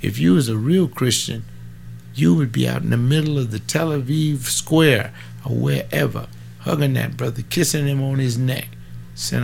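A man's voice: medium pitch, moderate pace, creaky, darkish tone, slight background noise. A man in his seventies preaching in an informal, rambling way, fervent, with folksy asides and sudden bursts of emphasis. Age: 70s.

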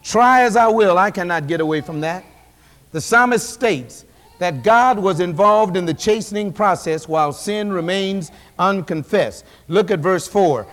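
A man preaching a sermon as senior pastor, animated, acting out voices and swinging from hushed tones to shouts. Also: high-pitched, a little slow, long reverb tail. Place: church sanctuary.

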